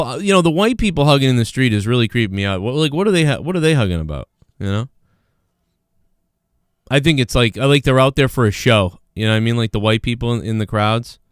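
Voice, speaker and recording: A man's voice: medium pitch, expressive, quick pace, smooth, dry recording, studio quality. A man hosting a livestream, rambling in casual commentary with many fillers and restarts, sometimes sarcastic as he reads the chat. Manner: sarcastic, mocking. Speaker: livestream host reading chat.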